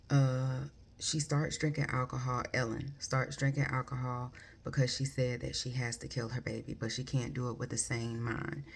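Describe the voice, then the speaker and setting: A woman's voice: very deep voice, gravelly, husky. A woman giving a casual, rambling book review full of ums and likes. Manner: rambling, many ums and likes, self-correcting.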